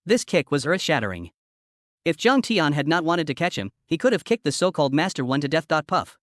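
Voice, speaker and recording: Fast-talking male story narrator. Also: a little high, very animated, fairly bright tone, no echo, clean studio sound. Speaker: recap narrator.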